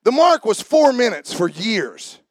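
A man preaching a sermon, dropping to quiet asides and then rising to shouts. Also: extremely high pitch, very animated, unhurried, no echo, clean studio sound.

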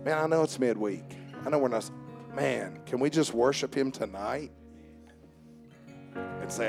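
A man preaching a sermon. He jokes with the congregation and swings from soft asides to raised calls. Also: mid-range voice, measured pace, gravelly, pauses often, over music. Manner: joking with the congregation. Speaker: pastor. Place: church service with instrument behind.

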